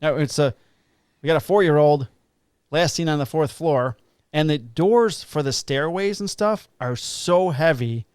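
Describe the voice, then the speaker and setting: A man's voice: a little high, measured pace, darkish tone, clear, resonant tone, dry recording, studio quality. A middle-aged man, a police officer co-hosting a podcast, tells a rambling work story in casual chat and swears freely. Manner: rambling, profane anecdote telling.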